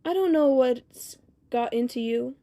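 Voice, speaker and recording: A woman's voice: high voice, measured pace, dark tone. A woman reading as a plainspoken wise old woman. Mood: knowing.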